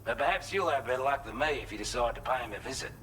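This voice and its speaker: A man's voice: medium pitch, lively intonation, very fast, fairly bright tone, slight background noise, natural voice, low-quality recording. An actor playing a blunt, salty Australian man who briefs the player on allies over the radio. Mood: reflective. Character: gruff Australian male radio contact, blunt and matter-of-fact.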